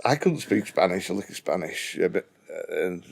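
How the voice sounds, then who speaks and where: A man's voice: sits low, lively intonation, moderate pace, vocal fry, slightly rough. A man with a broad Liverpool accent telling a profane, blunt anecdote in casual chat. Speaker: guest storyteller.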